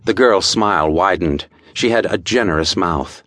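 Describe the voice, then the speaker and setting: A man narrating an audiobook in a measured, dramatic storytelling style, recorded close to a studio mic. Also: low voice, a bit bright, no room sound. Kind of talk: scripted narration.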